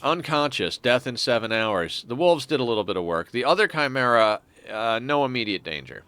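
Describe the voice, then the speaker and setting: A man's voice: mid-range voice, sing-song, fairly quick, sharp tone, smooth, no room sound. A man streaming a strategy game, thinking aloud in a rambling, casual way with frequent restarts. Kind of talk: casual gameplay commentary.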